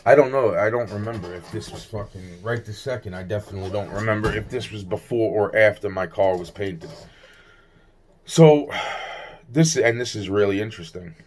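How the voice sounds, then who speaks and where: Man, lowish voice, rambling agitated storyteller, swears constantly, trails off and restarts. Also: normal speed, darkish tone. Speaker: vlogger recounting personal experiences. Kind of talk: rambling personal storytelling monologue.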